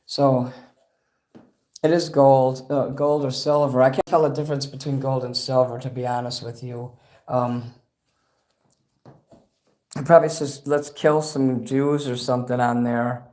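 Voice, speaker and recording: A man hosts a casual livestream, talking at an ordinary middle pitch. He rambles from one thing to the next and swears freely. He gets excitable as he goes. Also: measured pace, long pauses. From Chicago. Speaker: livestream host.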